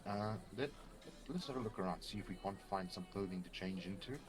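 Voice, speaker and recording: A quiet, uneasy adventurer, voiced by a man at a tabletop game. His voice is very deep and low in volume. He speaks hesitantly. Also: expressive, brisk, music in the background.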